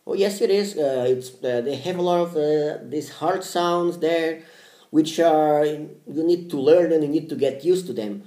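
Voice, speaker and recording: A man with a slightly high, mellow voice talks casually to the camera. He speaks hesitantly, repeating phrases and restarting as he goes. The recording sounds echoey, like a bare room. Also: unhurried. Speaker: language-learning vlogger.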